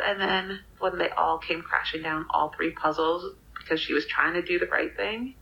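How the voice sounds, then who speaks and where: A woman in casual chat, telling lively stories about her child and laughing often. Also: fairly low pitch, moderate pace, creaky, hardly any pauses, a little hiss or hum. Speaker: podcast co-host, mother. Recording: dull lo-fi sound.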